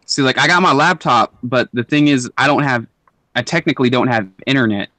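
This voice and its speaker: A man's voice: mid-range voice, fairly quick, sharp tone, dry recording. A young man co-hosting a podcast in casual chat, laid-back and full of slang and swearing. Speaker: podcast co-host.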